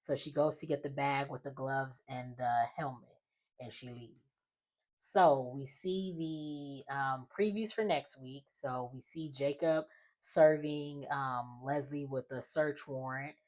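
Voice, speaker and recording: A young woman with a noticeably low-pitched voice talks through a soap opera recap in a relaxed, chatty way. She slips into the characters' lines as she retells each scene. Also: slow. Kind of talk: casual episode recap.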